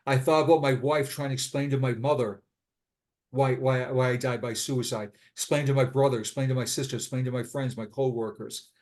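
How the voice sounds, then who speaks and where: Middle-aged male guest, earnest and halting, mid-range voice, often repeats himself. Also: mid-range voice, steady tone, darkish tone. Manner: earnest, halting, with frequent repetitions. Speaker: podcast guest, retired police sergeant. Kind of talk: personal storytelling in an interview. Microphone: remote call.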